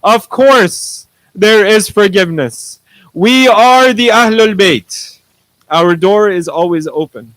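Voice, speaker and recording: Guy doing a gentle forgiving holy leader, slow high voice, dry sound. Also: no echo, low-quality recording. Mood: reassuring. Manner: gentle, reassuring. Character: calm, forgiving holy leader, grown man.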